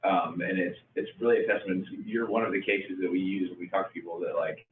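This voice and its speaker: A man's voice: sits low, steady tone, fast, a little hiss or hum. A man, encouraging an audience of business owners in a casual way. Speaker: business coach. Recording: far-off, echoey, phone-like hall audio.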